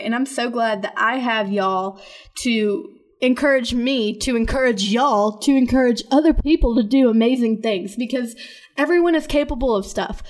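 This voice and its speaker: A woman hosting a podcast, talking casually in an earnest, rambling and encouraging way. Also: a little high. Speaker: podcast host.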